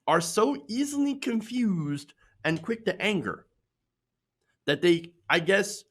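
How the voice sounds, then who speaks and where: Animated sarcastic male commentator. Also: medium pitch. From Michigan, USA. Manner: sarcastic, laughs often. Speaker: political commentary host. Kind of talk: casual political commentary.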